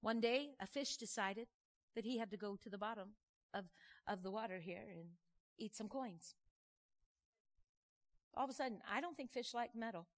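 A woman preacher with a slightly high voice delivers a sermon as a story. She talks in a lively, chatty way, uses folksy turns of phrase and keeps throwing questions out to the congregation. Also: moderate pace, pauses often. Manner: animated, conversational, asks the crowd questions.

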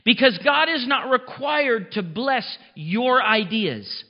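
A man's voice: extremely high pitch, animated, slow, in a large hall. Guy pastor preaching, kinda chatty, laughs at his own jokes, dull muffled sound. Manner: conversational, emphatic preaching, laughs at own lines. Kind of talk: sermon.

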